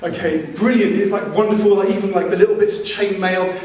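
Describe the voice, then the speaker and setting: A man performing a stand-up comedy set on stage, telling a story and acting out characters in quick bursts. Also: high-pitched, fairly even intonation, a little mellow. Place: comedy stage before a live audience. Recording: roomy live venue mic, some distance, faint noise.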